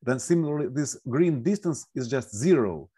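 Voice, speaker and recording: A man poses questions during a seminar, halting and apologetic, with lots of fillers. His voice sits at an ordinary male pitch. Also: expressive, dark tone, breathy edge. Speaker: audience member asking questions.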